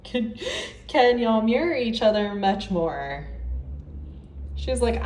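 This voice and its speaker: A woman's voice: mid-range voice, expressive, slow pace, pauses often, a little mellow. A woman giving a casual tarot reading, chatty and exclamatory, with lots of fillers. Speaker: tarot reader. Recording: echoey room, distant mic, faint noise.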